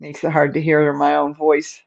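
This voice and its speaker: A woman's voice: sits low, monotone, moderate pace, vocal fry, lo-fi sound. A woman hosting a casual crochet livestream from home, chatting and answering viewer comments, with a stuffed-up nose. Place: at home in front of a camera.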